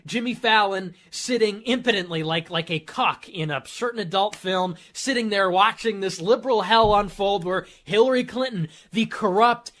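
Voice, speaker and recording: A man's voice: high-pitched, normal speed, hardly any pauses, a bit bright. A man hosting a commentary show, ranting in a sarcastic, mocking way and slipping into put-on voices. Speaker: show host.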